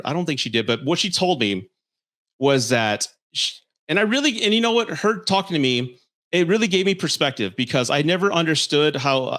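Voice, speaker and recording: A man in the middle of a casual commentary vlog, speaking at an ordinary pitch. He sounds heated and blunt, drops swear words freely, and trips over his own restarts. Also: a bit bright. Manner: stammering restarts. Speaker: commentary creator.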